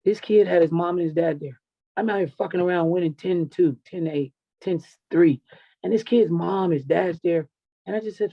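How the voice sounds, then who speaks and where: A creaky, high-pitched middle-aged man speaks at a normal rate, the top end of his audio clipped away. He's a wrestling and MMA coach appearing on a podcast, telling his personal story with blunt emotion and lots of cursing.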